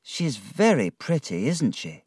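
A man voicing a sweet, childlike young woman who is easily upset, with high, drawn-out girlish lines. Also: sing-song, darkish tone, husky, no room sound, clean studio sound, exaggerated voice. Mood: probing.

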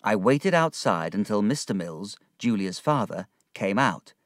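A man reading a story aloud in a measured, expressive narration. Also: on the low side, no echo, studio quality.

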